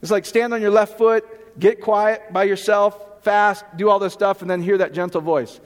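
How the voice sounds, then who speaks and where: Male pastor, high voice, animated sermon delivery, reverberant hall. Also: normal speed. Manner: animated, jokey, rhetorical questions.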